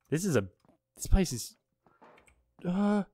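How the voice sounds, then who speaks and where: A man playing a horror game, talking himself through it, reading notes aloud, swearing and yelling at jump scares. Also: sits high, lively intonation, takes it slowly, breathy edge, no echo. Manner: jumpy, swearing, screams at scares. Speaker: gaming streamer. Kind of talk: horror game let's play commentary. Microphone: desk microphone.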